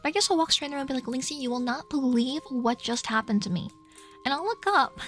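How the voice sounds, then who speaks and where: A high-pitched woman chats through a live Q&A stream, playful and quick to giggle. Her tone stays light and teasing. A little music hums faintly behind her. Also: animated, fairly bright tone. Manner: giggly and playful, laughs often. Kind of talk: casual livestream Q&A chat.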